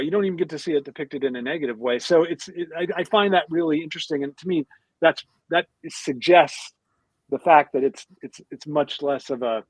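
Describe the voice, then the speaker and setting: A man's voice: fairly high pitch, darkish tone, dry recording, rough recording. A male philosopher and author, a podcast guest explaining ideas in casual talk, with many restarts and repeated words.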